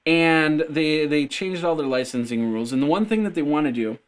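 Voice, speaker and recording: A man's voice: fairly high pitch, brisk, clean tone. A man hosting a casual tech news show, rambling and joking as he stumbles over his words. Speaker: podcast host.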